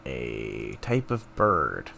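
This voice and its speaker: A man's voice: very deep voice, huge pitch swings, drawn-out words, gravelly, bright, forceful tone, slight background noise. A man streaming live, thinking aloud in a self-mocking casual way while taking quizzes.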